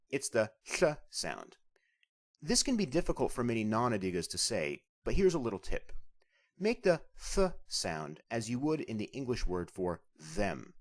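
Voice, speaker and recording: A man narrating a scripted language lesson as the instructor, explaining clearly and patiently. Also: medium pitch.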